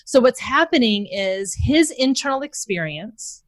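A woman's voice: fairly high pitch, animated, a little slow, dry recording. A woman guest on a podcast, a parenting expert talking through examples and stories in a conversational way. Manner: explains with examples, acts out quoted lines.

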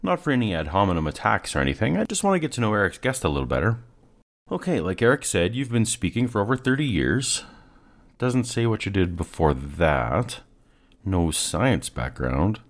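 Dude hosting a podcast, low voice swinging all over, dry sarcastic commentary. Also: male voice, very animated, moderate pace. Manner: dry, mocking. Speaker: podcast host.

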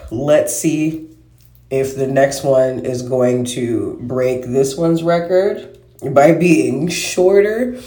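A man's voice: mid-range voice, very slow, mellow. A man hosting a casual podcast monologue, rambling and swearing freely, often trailing off and restarting. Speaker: podcast host. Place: at home, smoking while recording. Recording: roomy echo.

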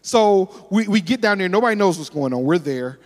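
A male pastor preaching a sermon, telling animated stories and acting out the dialogue. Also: sits high, normal speed. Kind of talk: sermon with storytelling. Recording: long reverb of a large hall.

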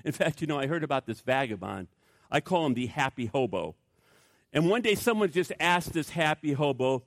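A man preaching a sermon, emphatic, repeating key phrases and swinging between raised emphasis and hushed delivery. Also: fairly high pitch, big pitch swings, normal speed, no room sound, studio quality. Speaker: pastor.

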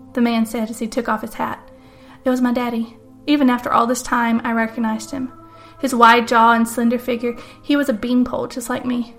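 A woman's voice: on the high side, flat delivery, fairly quick, a bit bright, faint music behind. A woman who hosts a storytelling podcast, telling a murder tale as dramatic first-person narration. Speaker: podcast host and author.

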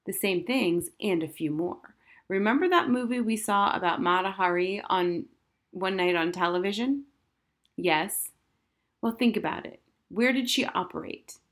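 A kindly, sensible nanny talks a child round with patient logic, as a woman reader puts her on. The voice is close to the reader's own, even and reasonable. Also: medium pitch, measured pace, lightly acted. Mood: persuasive.

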